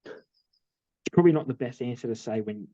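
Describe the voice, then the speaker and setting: A young Australian man co-hosting a podcast, telling stories in a relaxed way with many fillers. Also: mid-range voice, normal speed, no room sound, dull audio. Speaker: podcast co-host. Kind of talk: casual chat.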